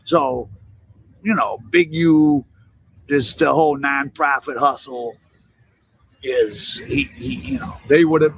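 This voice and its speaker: A man's voice: a little high, animated, takes it slowly, gravelly, long pauses, slightly rough, poor audio. A man commenting casually, retelling stories with asides and hedges.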